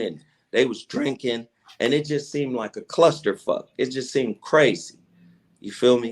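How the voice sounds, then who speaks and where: A radio personality from Chattanooga, Tennessee, guests on a podcast, telling stories in a casual interview. He has a mid-range voice and is an animated, profane storyteller who acts out quoted dialogue in slangy language.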